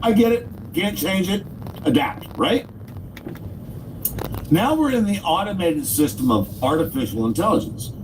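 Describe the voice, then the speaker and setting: A man's voice: high-pitched, sing-song, a little slow, long pauses. A man hosting a casual livestream, ranting about delivery work and acting out both sides of phone calls. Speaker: livestream host and delivery driver. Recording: distant mic with loud background noise.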